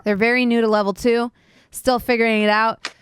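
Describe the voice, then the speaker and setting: A woman's voice: fairly high pitch, flat delivery, a little fast, clear, resonant tone, no room sound. Woman game master, upper-mid voice, upbeat, close dry mic. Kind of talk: running a tabletop game stream.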